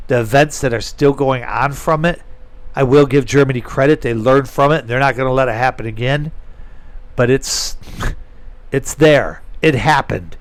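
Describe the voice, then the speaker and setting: Blunt emphatic man ranting to camera. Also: mid-range voice. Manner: blunt, emphatic, sarcastic asides. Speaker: commentator. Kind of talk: casual opinion monologue.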